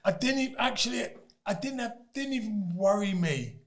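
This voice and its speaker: Brief: man in his fifties, a high, lively storyteller who laughs often. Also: moderate pace. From Britain. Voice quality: laughs often mid-story, loud emphatic bursts. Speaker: guest. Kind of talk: animated storytelling.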